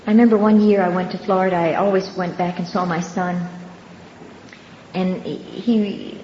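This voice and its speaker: An older woman giving her personal testimony at a recovery meeting, telling her story earnestly and unhurriedly with pauses and soft laughs. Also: fairly low pitch, fairly even intonation. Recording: dull, roomy hall recording with faint background noise.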